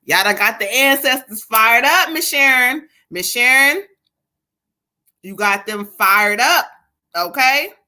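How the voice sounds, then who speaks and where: A woman hosts a live spiritual reading. Her voice is bright and a little high, and she talks emphatically, cursing freely and calling the viewers "y'all" and "child". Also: expressive, measured pace. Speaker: livestream co-host giving spiritual readings.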